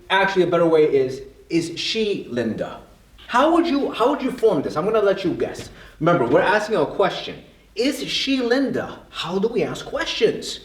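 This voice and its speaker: A man from the United States explaining basic grammar in a casual classroom way, asking rhetorical questions and repeating himself. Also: high voice. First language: English. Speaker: language teacher. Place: room with a whiteboard. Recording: echoey room.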